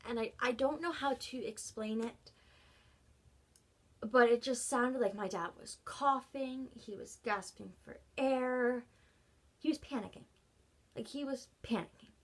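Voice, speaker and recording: A woman vlogger telling her own story unscripted, halting and emotional, often dropping to a soft breathy voice between pauses. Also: mid-range voice.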